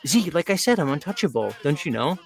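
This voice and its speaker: A man's voice: a little high, sing-song, fairly quick, gravelly, soft background music. A man doing an impression of a smug, self-important man who keeps asking "don't you know". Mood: boastful.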